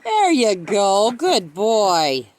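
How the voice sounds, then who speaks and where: A woman's voice: medium pitch, sing-song, drawn-out words, very noisy. A woman filming her poultry outdoors, chatting in a sing-song way and cooing at her birds. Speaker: backyard poultry keeper filming her flock. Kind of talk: casual vlog, talking to her animals. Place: outdoor farmyard with pens in the rain.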